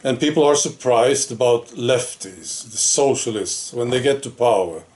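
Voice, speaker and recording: The speaker is a male political vlogger whose medium-pitched voice is expressive with a darkish tone and a moderate pace. Talking to the camera, he gives a casual, conversational opinion monologue full of rhetorical questions and "right?" asides.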